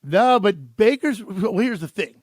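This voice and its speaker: A man's voice: high voice, expressive, measured pace, no echo, studio quality. A man hosting a casual sports radio talk show, joking loosely and laughing often. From California. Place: radio studio.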